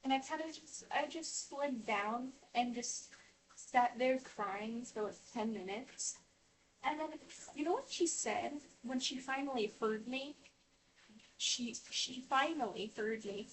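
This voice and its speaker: A woman with a high voice rambles through a personal story, stopping and restarting her sentences and leaning on fillers. She talks while washing dishes in a home kitchen. The mic sits a good way from her, so she sounds distant. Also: slow pace, noisy background. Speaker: vlogger.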